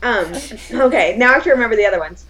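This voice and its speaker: A woman with a slightly higher voice answering trivia among friends. She hesitates and thinks aloud, trailing off as she tries to recall names. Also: lively intonation, fast, a bit bright, poor audio. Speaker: quiz contestant. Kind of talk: casual chat.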